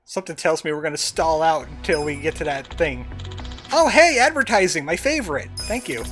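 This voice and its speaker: A man's voice: fairly high pitch, lively intonation, brisk, a bit bright, soft background music. A man streamer giving casual, rambling commentary while playing a game, chatting to himself and his viewers. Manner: rambling, chatty, self-talking.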